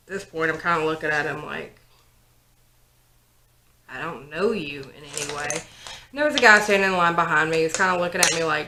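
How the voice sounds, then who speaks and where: A young woman chats through a makeup routine, telling a story with plenty of likes and ums. Her voice is bright and pitched a little low for a woman. The sound carries the echo of a bare room. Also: expressive, normal speed, a little hiss or hum. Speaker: vlogger, 911 operator. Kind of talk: casual get-ready-with-me chat. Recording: roomy home recording.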